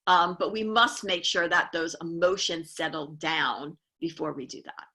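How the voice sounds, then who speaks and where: Bright-voiced woman coaching with emphasis. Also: lowish voice, unhurried. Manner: earnest, emphatic, repeats key phrases. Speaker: life coach, show host. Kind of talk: motivational coaching talk.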